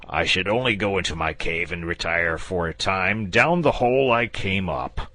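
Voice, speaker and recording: A man's voice: low voice, moderate pace, pushed and bright, dry recording. A man voicing a bored, coy, sociable male dragon, fussy and wry in manner.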